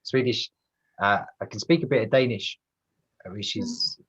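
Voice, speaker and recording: A man's voice: medium pitch, animated, normal speed, fairly bright tone, slightly rough, muffled recording. A man from Britain in a casual podcast discussion, hesitant and searching for words.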